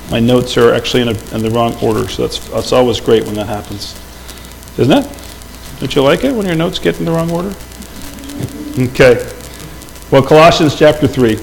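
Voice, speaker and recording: A man's voice: medium pitch, normal speed, vocal fry, long pauses, poor audio. Conversational middle-aged man preaching a sermon. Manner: conversational, asks the congregation questions. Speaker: pastor. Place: church. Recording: faint background noise.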